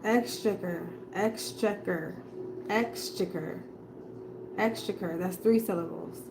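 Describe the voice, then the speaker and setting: A woman in a casual reaction video, slowly repeating a hard word and laughing at herself. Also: medium pitch, noisy background. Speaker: tarot reader and video creator.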